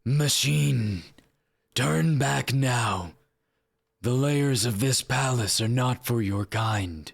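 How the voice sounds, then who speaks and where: Guy doing a raspy angry angel, super slow and threatening, dry mic. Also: mid-range voice, dry recording, voice pushed up, full character voice. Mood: menacing. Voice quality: raspy, gravelly. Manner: slow, menacing, declamatory delivery with shouts. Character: wrathful grandiose male angel, menacing and proud. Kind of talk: live-streamed voice acting.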